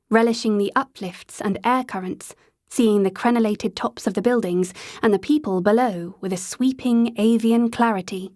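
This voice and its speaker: A woman narrating an audiobook in a scripted reading, slowing to a drawn-out, dreamy pace in the hazy passages. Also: a little high, a little mellow, no echo, studio quality.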